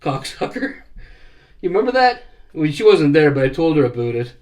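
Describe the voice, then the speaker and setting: A middle-aged man telling stories casually on a vlog, cursing freely and growing animated. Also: fairly high pitch, normal speed. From Canada. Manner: profane, animated storyteller. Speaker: vlogger. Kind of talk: casual storytelling.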